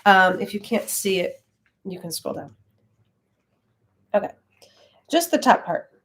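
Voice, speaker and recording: A woman's voice: mid-range voice, expressive, unhurried. A woman leading an online class, talking in a reflective, conversational way with frequent fillers. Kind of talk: casual live-stream teaching.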